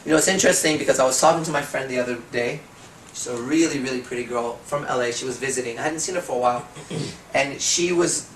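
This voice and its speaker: A man giving a seminar talk as a dating coach, telling stories, swearing, and slowing into hypnotic suggestion. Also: medium pitch, a bit bright, a little hiss or hum. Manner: profane, storytelling, slows into hypnotic suggestion. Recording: echoey room from far off.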